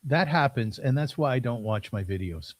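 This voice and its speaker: Male podcast host, earnest and halting, recorded dry and close. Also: medium pitch, lively intonation, dry recording. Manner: earnest, halting, stumbles on his words. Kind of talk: podcast interview.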